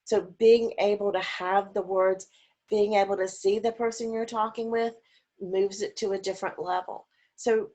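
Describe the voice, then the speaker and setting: Woman talking on a zoom call, mid pitch, chatty, lots of um and you know, acts out little voice demos. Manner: demonstrative, acts out voice examples; chatty with frequent fillers. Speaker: conference speaker on caregiving. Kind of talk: informal talk over video call. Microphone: video call.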